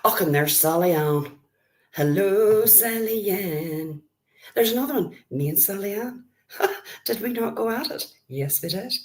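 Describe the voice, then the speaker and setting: A woman's voice: medium pitch, lively intonation, moderate pace. An older Irish woman hosting a live stream, chatting bluntly with her viewers and greeting them by name. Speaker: livestream host. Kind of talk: casual live-stream chat.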